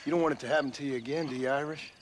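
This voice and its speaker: A man's voice: medium pitch, steady tone, racing, slight background noise, natural voice. An actor playing a terse, blunt frontier gunman who speaks in dry, laconic lines.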